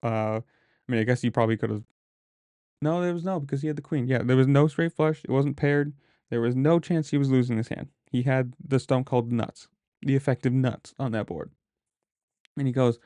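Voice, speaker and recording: Man, casual storyteller, mellow low-key tone, rambles with fillers, dry close sound. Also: a little fast, pauses often, no echo. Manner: rambling, conversational, with frequent filler words; mutters poker decisions to himself under his breath. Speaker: poker player telling a story.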